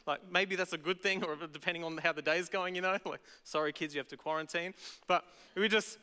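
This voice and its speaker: An Australian man preaches a sermon in a lively, conversational way, acting out everyday voices. His voice sits high and bright, smooth and resonant. A long hall reverb trails behind his words. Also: fairly quick. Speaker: pastor. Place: large church auditorium.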